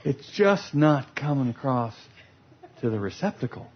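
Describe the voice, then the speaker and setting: Animated, husky-voiced male teacher. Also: medium pitch, unhurried. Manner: playful, acts out scenes, laughs often. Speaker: speaker teaching a session on love languages. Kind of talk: humorous teaching talk. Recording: lo-fi recording.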